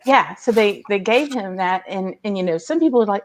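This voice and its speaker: A woman's voice: medium pitch, animated, a little fast. A woman chatting casually and telling a story to friends, with frequent fillers and laughs. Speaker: guest on a live video hangout. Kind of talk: casual chat.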